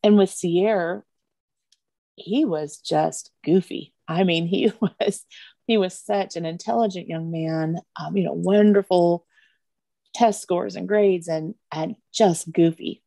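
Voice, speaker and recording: A woman's voice: on the low side, takes it slowly, vocal fry, mellow, no echo, studio quality. A middle-aged woman telling fond family stories in an interview, often laughing as she talks. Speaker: interview guest. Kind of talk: conversational storytelling.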